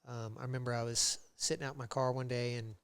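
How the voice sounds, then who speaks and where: A man guesting on a podcast, telling his work history in a rambling, casual way with many fillers, and getting animated when he retells old conversations. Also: mid-range voice, fast, creaky, smooth, dry recording. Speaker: podcast guest, metal fabricator. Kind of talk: casual interview storytelling.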